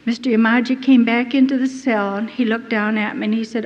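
A woman's voice: on the high side, steady tone, a little fast, darkish tone. Woman giving a testimony in a hall. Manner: earnest, emotional storytelling. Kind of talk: first-person testimony to an audience. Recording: dull lo-fi hall recording with faint noise.

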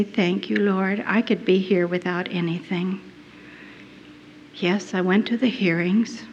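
A woman's voice: mid-range voice, a little hiss or hum. An older woman giving an earnest, heartfelt testimony to an audience as a missionary speaker. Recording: dull recording in a reverberant hall.

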